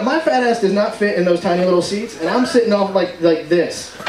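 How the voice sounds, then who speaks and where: A man doing a stand-up comedy set on stage, joking loudly and slipping into put-on voices. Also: sits high. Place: comedy club stage with audience. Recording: echoey room, far mic, crowd laughter.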